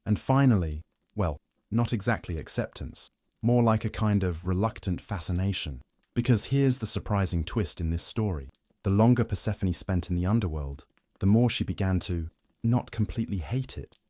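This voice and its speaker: A man narrating a humorous bedtime sleep story in a wry, deadpan manner, addressing his subject as "you". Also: sits low, moderate pace, no room sound, studio quality.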